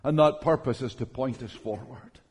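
A man preaching a sermon in church, slow and earnest, calling his listeners friends. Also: medium pitch, a little mellow, slightly rough.

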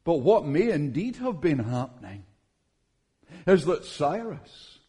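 Slow, earnest male preacher. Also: on the high side, sing-song, warm tone, husky. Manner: slow, earnest preaching, addressing listeners as friends. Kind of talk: sermon.

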